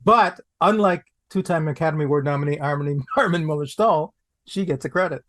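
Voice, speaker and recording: A man, an actor guest on a podcast, telling anecdotes in an animated way, repeating phrases for comic effect. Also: fairly high pitch, a little fast. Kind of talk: anecdotal storytelling.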